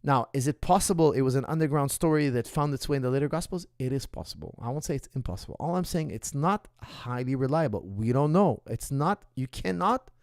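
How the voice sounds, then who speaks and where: A man talks through his views in a casual solo monologue. He is emphatic, hammers points by repeating them and swings from loud to soft. His voice sits at an ordinary middle pitch, and the recording is dry with no room sound. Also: no room sound. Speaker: martial arts coach hosting a Q&A.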